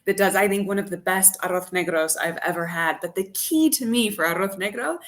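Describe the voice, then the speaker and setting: A woman talking as a guest on a radio chat, keen and full of lively detail as she describes food and drink. Her pitch sits in the middle range. She sounds like a tour guide who enjoys her subject. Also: brisk. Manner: enthusiastic, vividly descriptive. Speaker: wine expert and tour guide. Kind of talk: interview guest.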